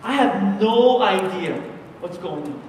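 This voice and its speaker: A male pastor preaching a sermon at a conference, telling a story slowly and with passion, swinging between loud and hushed. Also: high voice, lively intonation, slight background noise. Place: large conference hall. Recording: echoey hall from far off.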